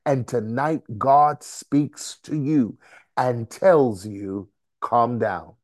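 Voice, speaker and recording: A man preaching a fervent sermon to listeners on a conference call, repeating phrases and breaking into sudden shouts. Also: mid-range voice, very slow, dry recording, clean studio sound.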